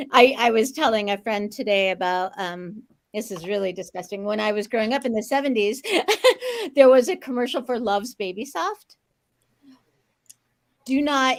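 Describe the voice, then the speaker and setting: High-voiced animated woman co-host. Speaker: podcast co-host. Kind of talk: casual panel chat.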